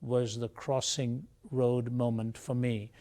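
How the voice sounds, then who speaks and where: A man giving a personal testimony in a slow, deliberate way. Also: mid-range voice, little pitch movement, mellow, faint music behind.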